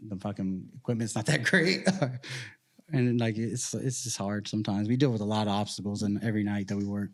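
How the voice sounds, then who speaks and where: A man co-hosting a casual chat, a security guard who swears often and tells animated stories. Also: fairly low pitch, brisk. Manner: profane, laughing, animated storytelling.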